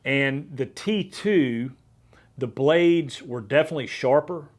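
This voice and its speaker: A man hosting a podcast, telling a hunting story in a casual, energetic way with frequent restarts. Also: medium pitch, slow pace. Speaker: podcast host.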